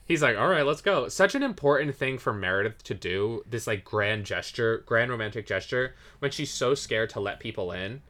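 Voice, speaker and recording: A young co-host on a casual recap podcast, with a bright tone and a pitch that swings up and down. Eager and quick to agree, with plenty of swearing. The talk runs loose and unscripted. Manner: enthusiastic, swears, lively agreement.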